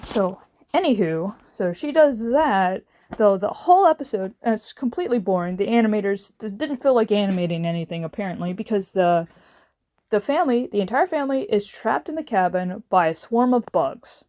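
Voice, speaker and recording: A video reviewer launches into a casual, exasperated rant, sarcastic and swearing now and then. Her mid-range voice is warm and expressive at a moderate pace, with dry, studio-quality sound.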